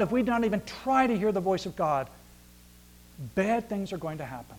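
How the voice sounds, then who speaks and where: A man preaching a sermon as pastor, swinging between loud emphasis and near-whispered hushes, acting out dialogue and asking rhetorical questions. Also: sits high, big pitch swings, brisk.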